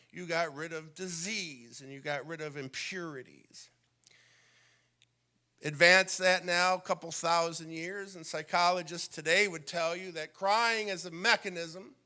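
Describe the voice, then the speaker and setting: Man preaching, slow and bright, gets fired up, smooth clear voice. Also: high voice. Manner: builds from quiet teaching to fervent preaching; drops to a whisper when quoting a prayer. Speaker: pastor. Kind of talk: sermon.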